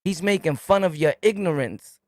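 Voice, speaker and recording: A man's voice: on the high side, expressive, moderate pace, dry recording. A middle-aged man with a New York accent, hosting a streetwise monologue rant in blunt, repetitive, preachy slang. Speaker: YouTube host.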